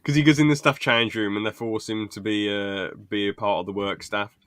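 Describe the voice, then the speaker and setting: A man's voice: lowish voice, steady tone, a little fast, fairly bright tone, clear, resonant tone, no room sound, clean studio sound. A young man co-hosting a podcast, rambling through sitcom scenes and laughing as he retells them. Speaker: podcast co-host. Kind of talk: casual chat recapping a sitcom.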